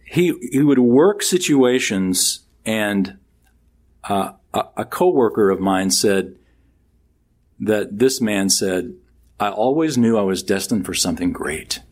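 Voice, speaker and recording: A man's voice: on the low side, expressive, slow pace, darkish tone. A middle-aged male pastor preaching a sermon, conversational at first and then building to emphatic peaks.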